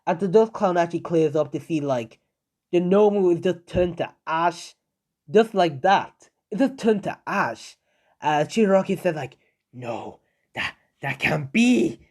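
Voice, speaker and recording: A man's voice: high-pitched, normal speed, darkish tone. A young man narrates an improvised fan story in a loose, rambling way. He leans on fillers and keeps correcting himself mid-sentence.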